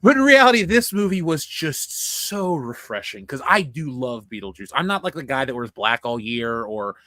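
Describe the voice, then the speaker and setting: A young man co-hosting a casual film review chat, excitable and rambling, swearing freely. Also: mid-range voice, moderate pace, no echo, clean studio sound. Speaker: podcast co-host.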